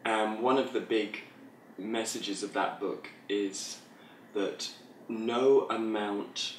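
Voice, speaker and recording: Low man speaking very slowly. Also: fairly even intonation, slight background noise. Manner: measured, deliberate. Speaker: author. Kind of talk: interview answer. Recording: roomy echo, mic at a distance.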